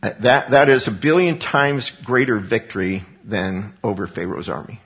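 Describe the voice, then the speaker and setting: A man's voice: lowish voice, moderate pace, breathy edge, lo-fi sound. A man preaching a sermon as pastor, earnest and conversational, often repeating his words.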